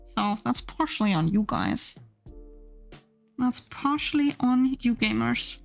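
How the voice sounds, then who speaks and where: A woman's voice: fairly high pitch, expressive, slow, gravelly, faint music behind. A woman streamer chatting casually and rambling with plenty of fillers while she draws on a live art stream. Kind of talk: casual chat while drawing.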